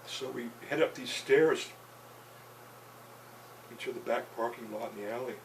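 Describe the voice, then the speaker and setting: A man's voice: mid-range voice, normal speed, recorded from a distance, slight background noise, low-quality recording. A man telling a rambling personal story in a loose, chatty way, dropping "you know" and chuckles between lines.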